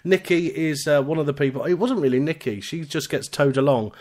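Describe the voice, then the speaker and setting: A man's voice: on the high side, fairly quick. A man hosting a live podcast from the UK, joking around with his co-host and reading out messages from listeners. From United Kingdom. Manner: lively, teasing banter reading out chat messages.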